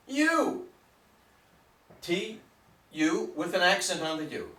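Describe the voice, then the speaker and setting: A man teaching a basic language lesson, patient and deliberate, spelling words out letter by letter. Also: fairly high pitch, big pitch swings, pushed and bright, roomy sound, far from the mic. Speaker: Spanish teacher.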